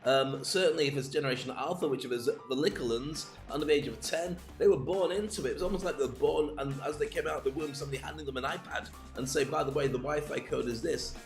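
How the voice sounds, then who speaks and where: A man's voice: fairly high pitch, quick pace, hardly any pauses, faint music behind. Rambling playful man in an echoey room. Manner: rambling, digressive and playful, acting out gestures. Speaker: host. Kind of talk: casual comedic talk to camera. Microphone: streamed from home, camera.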